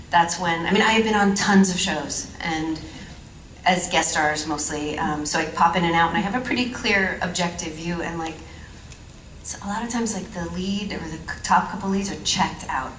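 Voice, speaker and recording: A woman's voice: on the low side, moderate pace, fairly bright tone. A woman speaks on a convention panel, rambling and chatty, breaking into laughter between her stories. The sound comes from some distance in a large, echoing hall. A faint hum runs underneath. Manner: chatty and rambling, laughs often, many fillers. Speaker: guest actress on a fan convention panel. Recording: echoey hall, mic at a distance.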